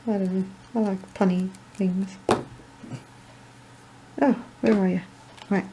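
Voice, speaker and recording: Crafter woman, mellow and gravelly, rambling tutorial chat with muttered asides. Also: mid-range voice, steady tone, takes it slowly, long pauses, a little hiss or hum, rough recording. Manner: rambling, chatty, self-deprecating asides, muttering to herself. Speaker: card-making crafter.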